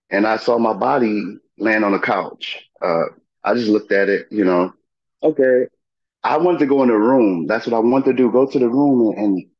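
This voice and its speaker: A middle-aged man, a podcast guest, telling a personal story in a halting way, with many fillers and restarts. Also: lowish voice, husky, no room sound, muffled recording.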